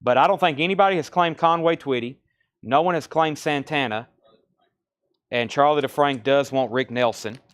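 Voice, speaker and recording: A man from Tennessee with a Southern accent, hosting a live record sale and briskly calling out titles, prices and buyers. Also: medium pitch, a bit bright. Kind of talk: live-stream sales patter.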